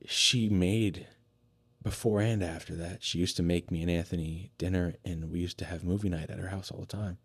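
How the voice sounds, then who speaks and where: A man's voice: deep voice, steady tone, normal speed, breathy edge. A man talking as a podcast guest, candidly telling a personal story in a casual conversation, swearing freely and with many fillers and restarts.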